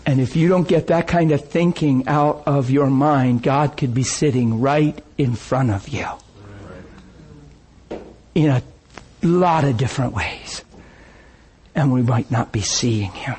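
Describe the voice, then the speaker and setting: A man's voice: medium pitch, unhurried, long pauses, darkish tone, slightly rough. A man preaching a sermon, telling stories with laughter and quoted voices.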